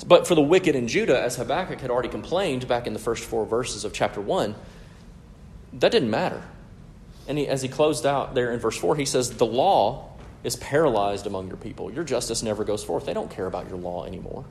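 A man's voice: medium pitch, animated, brisk, a little mellow, slight background noise. A man preaching an expository sermon in an emphatic, explanatory way, often checking in with "right?".

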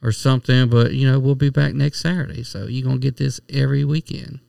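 A man trades crude, teasing podcast banter in a gravelly yet smooth voice. He sits a little back from the mic, and the sound is dry and close-walled. His pitch sits in the middle of the range. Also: steady tone, fairly quick, darkish tone, no echo, distant mic. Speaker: podcast co-host.

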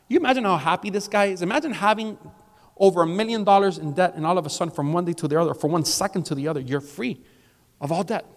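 A pastor from South Florida preaching a sermon as a relaxed, conversational story. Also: male voice, high-pitched, a little fast. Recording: long hall reverb.

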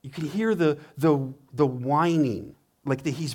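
A man who is a pastor preaching a sermon, swinging from hushed to emphatic and acting out quoted complaints in a whining voice. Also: a little slow, few pauses. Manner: dramatic, acts out quoted complaints in a higher whining voice.

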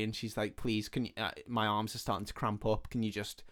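A man's voice: lowish voice, little pitch movement, a little fast, hardly any pauses, fairly bright tone. A man, a podcast host casually retelling a film's plot and acting out the characters' lines. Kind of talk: casual film recap chat.

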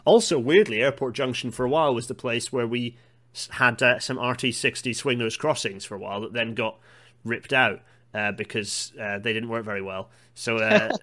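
A man's voice: medium pitch, normal speed, a bit bright. A man hosting a podcast in casual chat, rambling and digressive, with a self-deprecating manner. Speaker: podcast host.

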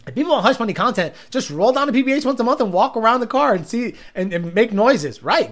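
This medium-pitched livestream host talks fast, reading viewer comments aloud and spinning stories in a casual chat. The delivery is animated and profane, full of laughter.

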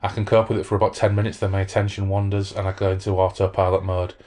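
Deep-voiced man hosting. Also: level tone, fast, darkish tone. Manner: rambling, self-deprecating. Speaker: podcast host. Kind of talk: book reading and casual chat.

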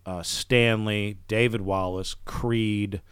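A man's voice: on the low side, fairly even intonation, takes it slowly, a bit bright, smooth, dry recording, clean studio sound. A man hosting a podcast, telling a story in casual chat and acting out the people he quotes. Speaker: podcast host.

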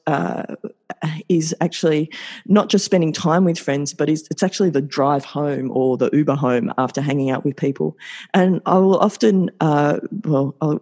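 A male podcast host speaks solo in an upbeat, effusive and motivational manner, repeating words for emphasis. His voice is a little high with a darkish tone.

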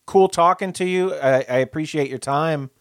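A man co-hosting a podcast in casual chat, animated and laughing often. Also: fairly high pitch, moderate pace, dry recording, clean studio sound. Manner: animated, laughs often, keeps saying the co-host's name. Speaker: podcast co-host.

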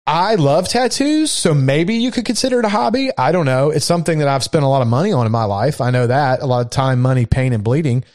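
A man's voice: fairly high pitch, animated, fast talker, few pauses, a little mellow, no echo, clean studio sound. A man from Florida hosting a casual chat about hobbies and his channel, rambling with lots of fillers and restarts. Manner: rambling, filler-heavy, laid-back. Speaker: YouTube channel host. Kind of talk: casual chat over whiskey.

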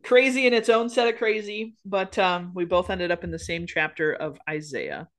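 A woman's voice: lowish voice, moderate pace. Earnest woman podcast co-host. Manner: earnest, encouraging, rambling with restarts. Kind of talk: casual faith chat.

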